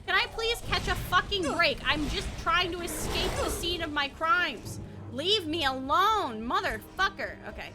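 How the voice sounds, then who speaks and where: A woman streaming a game, chatting casually, expressive and swearing freely. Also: extremely high pitch, moderate pace, few pauses. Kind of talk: casual gameplay commentary. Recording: music behind the voice.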